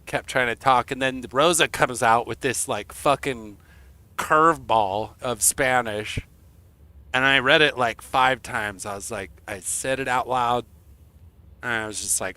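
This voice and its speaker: A young man streaming to his chat, telling a rambling, profane story in a casual, animated way. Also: medium pitch, measured pace.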